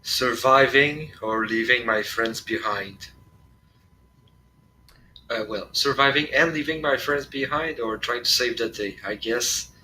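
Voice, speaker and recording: A man's voice: mid-range voice, a little slow, sharp tone, slight background noise, low-quality recording. A man playing a tabletop game who thinks aloud hesitantly and laughs between moves. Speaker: player.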